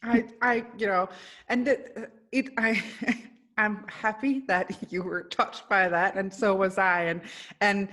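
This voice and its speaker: A woman's voice: medium pitch, steady tone, slow pace, fairly bright tone. A woman psychologist hosting a casual webinar conversation over a video call, talking in an effusive way with many fillers and restarts. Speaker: host, psychologist.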